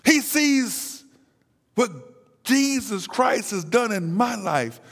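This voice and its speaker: A man preaching an impassioned sermon, dropping to a hush and then crying out, often repeating words. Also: sits high, expressive, takes it slowly, creaky, big-room sound.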